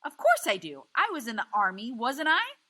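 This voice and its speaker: A woman's voice: a little high, animated, moderate pace, pushed and bright, voice pushed up. A woman voicing a stubborn, protective older grandfather who served in the army, reading a novel aloud. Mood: firm. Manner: firm, clipped insistence.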